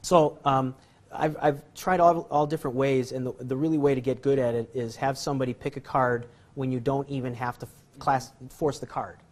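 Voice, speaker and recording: A man's voice: medium pitch, fairly even intonation, moderate pace. A man teaching card magic in a casual demonstration, rambling, jokey and self-deprecating, chuckling often. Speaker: magic instructor. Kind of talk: casual card-trick tutorial.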